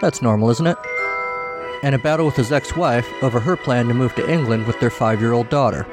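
A man narrating a scripted story as a podcast host, in a wry, measured manner. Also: medium pitch, music in the background.

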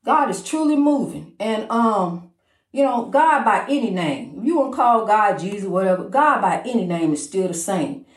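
A woman giving an informal, emphatic preaching monologue, repeating herself and calling the listener honey, speeding up when she gets excited. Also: medium pitch, echoey room. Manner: talks fast when excited. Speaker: inspirational speaker.

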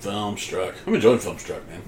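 A man co-hosting a casual podcast chat, making jokey quick interjections and laughing. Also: on the low side, noisy background. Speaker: podcast co-host.

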